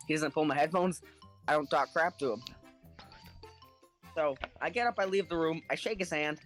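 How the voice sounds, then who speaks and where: A man telling a story in casual podcast chat, animated and acting out the people in it, laughing now and then. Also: a little high. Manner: animated, acts out the other people in his story; laughs between lines.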